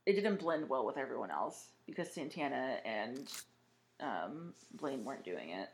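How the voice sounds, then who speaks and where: A woman's voice: rumbling low, big pitch swings, moderate pace, slight background noise. A young woman co-hosting a podcast in casual chat, candid and joking with frequent laughs. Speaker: podcast co-host.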